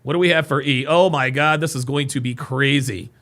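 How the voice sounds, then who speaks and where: A podcast host, reading out viewer comments on a livestream, excitable and loud, with frequent exclamations. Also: male voice, mid-range voice, brisk. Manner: excitable, laughing often, loud bursts of exclamation.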